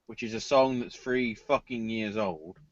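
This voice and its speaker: A man hosting a casual wrestling podcast, swearing freely and bursting into loud mock cries. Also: fairly low pitch, measured pace. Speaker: podcast host. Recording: dull dry lo-fi sound.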